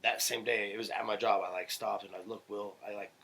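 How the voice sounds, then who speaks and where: A man's voice: lowish voice, steady tone, brisk, vocal fry, pushed and bright, breathy edge, rough recording. A young man, a podcast guest, telling rambling, heated stories in casual chat and swearing a lot.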